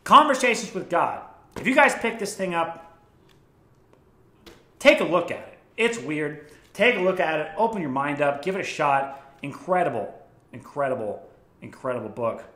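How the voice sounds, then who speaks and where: A man's voice: fairly high pitch, big pitch swings, normal speed, long pauses, sharp tone. A young man casually recommending books, enthusiastic and swearing freely. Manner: profane, enthusiastic storytelling. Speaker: vlogger. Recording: echoey room.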